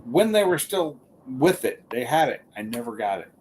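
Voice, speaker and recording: A man's voice: medium pitch, very animated, normal speed, background noise. Blunt, casual man with light swearing. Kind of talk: casual live-stream chat.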